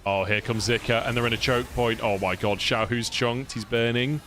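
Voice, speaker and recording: A man with a British accent casting a live esports match on a casual co-stream, excitable and swearing freely. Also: mid-range voice, normal speed, slight background noise. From United Kingdom. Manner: excitable, swears freely, laughs between plays. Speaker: esports caster.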